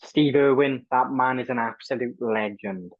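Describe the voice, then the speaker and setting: A man's voice: mid-range voice, normal speed, dry recording. Give me a man in his thirties telling his story plainly, slightly muffled and dry. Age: 30s. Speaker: guest. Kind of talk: casual storytelling interview.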